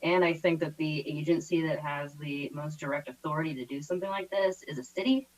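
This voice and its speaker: A woman serving as vice mayor speaks at a council meeting. Her voice sits a bit low, and she pauses and restarts as she thinks. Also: fairly even intonation, distant mic, slight background noise, low-quality recording.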